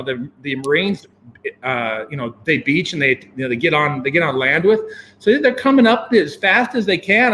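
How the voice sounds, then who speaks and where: American guy with a high voice spinning a rambly story, jumps way up when he acts out what he was thinking, bit of faint room noise behind. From United States. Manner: animated, acts out his own past thoughts with sudden jumps in pitch; rambling, with many fillers and restarts. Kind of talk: casual storytelling.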